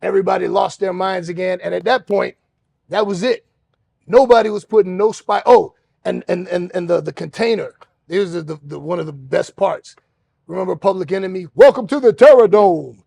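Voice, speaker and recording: A man hosting a podcast, telling a story in an animated way and acting out other people's voices. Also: high-pitched, normal speed, creaky, husky, dry recording. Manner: acts out other voices, shouting and laughing. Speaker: podcast host.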